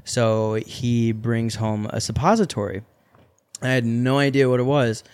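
A man's voice: mid-range voice, level tone, unhurried, a little mellow, smooth, dry recording. Laughing young man telling a story. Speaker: podcast co-host. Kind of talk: casual chat, telling a childhood story.

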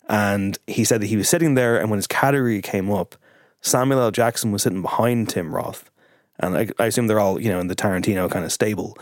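A young adult man with a fairly low voice, recorded close and dry, chats as a guest on a podcast. He tells stories with animation and openly admits to getting emotional. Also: a little mellow, no room sound. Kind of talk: casual podcast chat.

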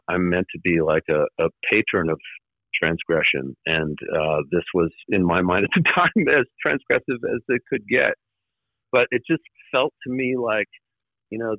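A man guest in an interview, recalling his years in the record business in a halting way, with many fillers and restarts and the odd wry laugh. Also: low-pitched, no echo, narrow, tinny audio. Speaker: former record label executive, guest. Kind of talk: conversational interview storytelling.

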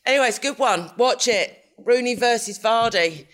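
A man co-hosting a podcast in casual chat, talking in an animated, emphatic, teasing way. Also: extremely high pitch, normal speed. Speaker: podcast co-host.

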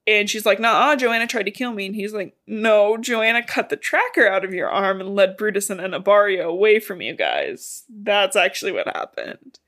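A woman's voice: medium pitch, sing-song, normal speed, few pauses, a bit bright. Chatty woman recapping a book. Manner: chatty retelling, swearing and laughing. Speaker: podcast co-host. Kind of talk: casual book recap chat.

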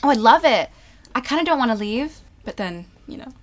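A woman's voice: on the high side, animated, brisk. Chatty young woman, candid. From United States. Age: young adult. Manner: chatty and candid, laughs easily, restarts often. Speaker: stage actress, interview guest. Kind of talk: casual interview chat.

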